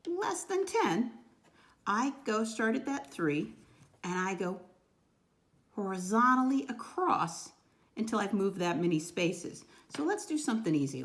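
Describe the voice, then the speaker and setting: A female teacher gives a lesson to young children in a lively, sing-song manner, slowing down to spell words out letter by letter. Her voice is medium in pitch and echoes around the room.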